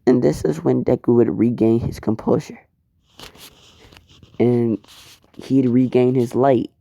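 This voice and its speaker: A man's voice: mid-range voice, fairly even intonation, takes it slowly, vocal fry, warm tone. A man narrating improvised fan fiction in a casual, rambling, profane way. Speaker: fan storyteller.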